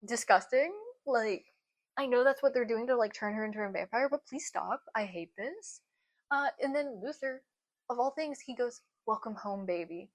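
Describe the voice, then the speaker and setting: A young woman hosting a casual recap video, chatty and full of "like", with quick outbursts of annoyance. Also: medium pitch. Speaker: video host recapping a TV series.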